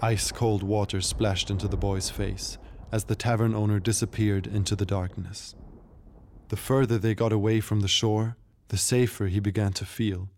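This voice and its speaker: A man narrating a story in a measured, steady storytelling delivery. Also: on the low side. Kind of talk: scripted narration.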